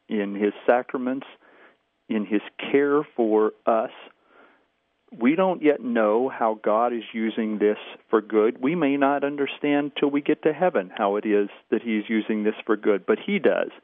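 A man, a pastor, speaking calmly as a guest on a radio show, with a preacher's cadence. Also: mid-range voice, measured pace, no room sound. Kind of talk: radio interview over the phone. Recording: tinny phone line.

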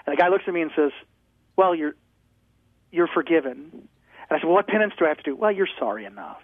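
A man's voice: on the high side, fast talker, no room sound. A man, a guest pastor, talking with energy and humor on a call-in radio show, sometimes ranting. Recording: tinny phone line.

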